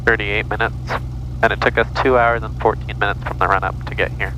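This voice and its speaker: A man's voice: fairly low pitch, little pitch movement, brisk, pushed and bright, a little hiss or hum, poor audio. A man who is a pilot, chatting and joking casually in a small plane's cockpit over a headset.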